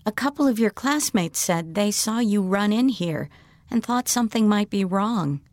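A woman voicing a kind, patient female schoolteacher in a storybook read aloud, with a soft, coaxing manner. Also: mid-range voice, expressive, moderate pace, no echo, clean studio sound, natural voice. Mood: gentle. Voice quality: soft, coaxing, sing-song. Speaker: teacher character.

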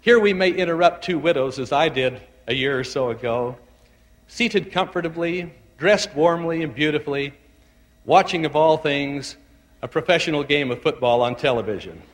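A man, a bishop, telling a sermon story in a measured, tender, deliberate way. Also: on the high side, big-room sound.

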